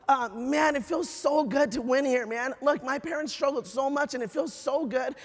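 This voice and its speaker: A man from California speaks from a stage at a company event, his voice pitched unusually high for a man. He tells stories in an excitable, motivational way and breaks into bursts of shouting. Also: moderate pace, few pauses. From California, USA. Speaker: company sales leader giving an award speech.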